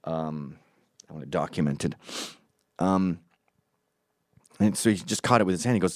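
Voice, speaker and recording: Speaking at a moderate pace and pausing often, a low-voiced podcast host spins a casual story, acting out what people said with a mocking, profane edge. The recording is dry and studio quality.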